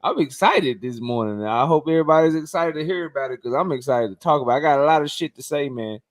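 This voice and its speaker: A man co-hosting a casual boxing talk stream, talking loosely and excitedly, with casual swearing. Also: on the high side, fast talker, no room sound, studio quality. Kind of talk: casual live-stream chat.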